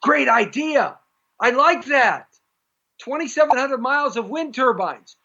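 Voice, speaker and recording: A middle-aged man hosts a live stream, his rambling, jokey chatter swinging wildly up and down in pitch. His voice sits high for a man. The sound is dull and lo-fi, like cheap stream audio. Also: lively intonation, unhurried, pushed and bright. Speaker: live show host. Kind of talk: live-stream talk show chat.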